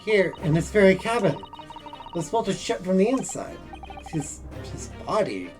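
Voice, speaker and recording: A man's voice: high voice, very animated, normal speed, a little mellow. A man doing a distraught, formal young woman. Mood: pleading. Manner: formal, pleading. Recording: game music behind.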